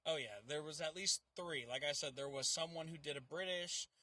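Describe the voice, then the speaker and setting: A man's voice: on the high side, a little fast, bright, forceful tone. A man with a Southern US accent, co-hosting a casual chat and animatedly acting out quotes as he tells stories. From Southern United States. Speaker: haunt reviewer co-host.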